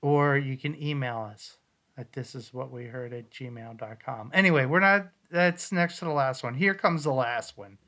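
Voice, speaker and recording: A man's voice: mid-range voice, moderate pace, bright, forceful tone. A man co-hosting a casual podcast, playfully bantering while reviewing ghost-hunt recordings. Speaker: podcast co-host.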